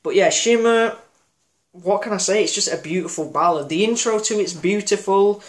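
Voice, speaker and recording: A man's voice: high voice, moderate pace. Man, casual music review vlog, enthusiastic, rambling, lots of fillers and restarts.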